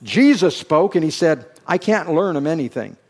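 A middle-aged man preaching a sermon, dropping to hushed, drawn-out phrases and then climbing into loud, emphatic bursts. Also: a little high, big pitch swings. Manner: slow, drawn-out words for emphasis.

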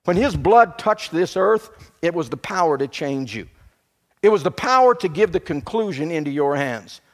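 Male preacher, high-pitched and highly animated delivery, fervent sermon cadence with sudden hushed drops. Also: moderate pace. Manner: preaching with rising emphatic bursts and quiet drops.

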